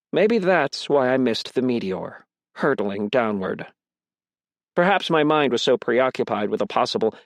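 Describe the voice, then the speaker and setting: Male audiobook narrator, dry and measured. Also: medium pitch, no echo. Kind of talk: first-person audiobook narration.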